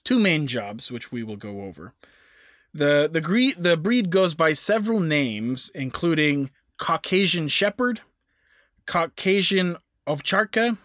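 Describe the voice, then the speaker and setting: Man, fairly high voice, easygoing podcast co-host, dry close mic. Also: fairly bright tone, no room sound. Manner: easygoing, halting with restarts. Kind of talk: casual chat.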